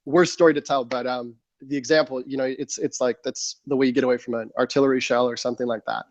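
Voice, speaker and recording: Talking fast in a medium-pitched voice, this podcast guest, a veteran in his thirties, relays a long story in easygoing conversation. He's an animated narrator who performs his own quotes amid many fillers. The sound is echo-free and dry, slightly muffled by the studio mic.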